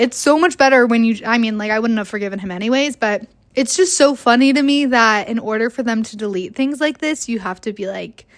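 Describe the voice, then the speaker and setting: Young female podcast host, slightly high voice, blunt, animated storyteller who swears. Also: a little fast, few pauses. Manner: candid and animated, swears freely, acts out quotes. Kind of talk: casual storytelling monologue.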